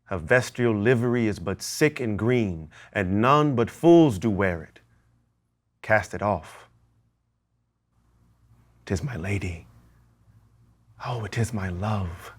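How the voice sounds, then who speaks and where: A male actor reciting Shakespearean verse as the lovestruck young Romeo, in a measured, lyrical delivery. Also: on the low side, expressive, husky, exaggerated voice.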